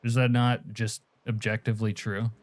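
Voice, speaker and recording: Profane joking streamer from Alaska. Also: male voice, lowish voice, flat delivery, normal speed. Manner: profane, joking, answers chat, laughs often. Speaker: game streamer. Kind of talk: casual live-stream chat.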